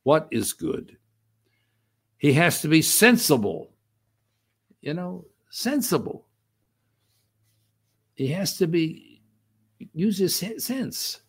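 Gravelly older preacher. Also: male voice, fairly high pitch, sing-song, slow pace, long pauses. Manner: conversational, repeats phrases, frequent fillers. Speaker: minister. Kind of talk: sermon teaching.

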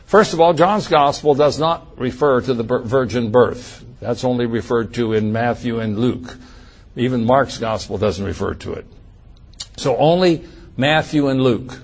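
A man teaching a Bible lesson like a sermon, reading scripture aloud slowly and with strong emphasis between plain explanations. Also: mid-range voice, breathy edge.

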